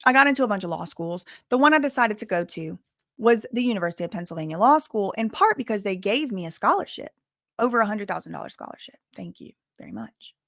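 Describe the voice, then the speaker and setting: A candid Southern woman YouTuber from bayou country tells a casual story to camera, speaking quickly and animatedly at a medium pitch with a slightly bright voice. Her Southern US accent is softened, and she's emphatic, repeating words for stress. The recording is dry and close.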